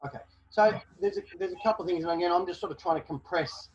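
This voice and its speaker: An Australian man with a high, darkish voice speaks fast while presenting a webinar, with slight background noise. He gives emphatic legal advice to a caller, tacking "okay?" onto each point to drive it home. The webinar audio is dull and lo-fi.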